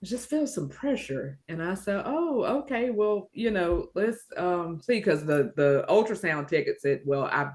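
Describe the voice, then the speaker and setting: A woman's voice: lowish voice, measured pace, few pauses. A middle-aged woman hosting a podcast, telling a family story in casual chat and acting out the voices of the people in it. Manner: animated, acts out quoted voices. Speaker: podcast host.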